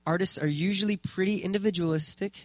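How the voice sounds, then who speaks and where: A man giving an informal faith talk to a small group of artists, relaxed and rambling, with many fillers and restarts. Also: sits high, quick pace, no room sound.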